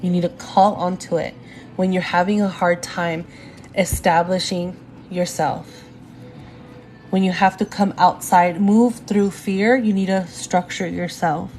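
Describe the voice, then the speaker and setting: A woman's voice: fairly low pitch, fairly even intonation, unhurried, darkish tone, faint music behind. A young woman doing a live astrology reading from home on her phone, chatty and addressing viewers directly, often going off on tangents. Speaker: astrology reader. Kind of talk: live-stream reading, casual chat.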